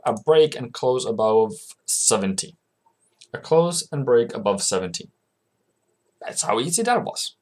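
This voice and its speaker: A man talks viewers through trading charts in a loose, casual commentary. His pitch swings widely as he poses questions and answers them himself, and he chats with viewers, calling them "mate". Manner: chatty, coaxes viewers as "mate". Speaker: forex trading channel host.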